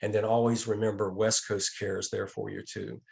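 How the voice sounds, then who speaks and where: A man giving a training talk on a video call as an outreach director, speaking calmly with frequent restarts and repeated words. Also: fairly low pitch, normal speed, creaky.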